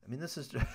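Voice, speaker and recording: A man hosting a casual podcast, reading odd news stories aloud with jokes, swearing and laughter. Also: a little hiss or hum. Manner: animated, laughs often, swears, ad-libs jokes.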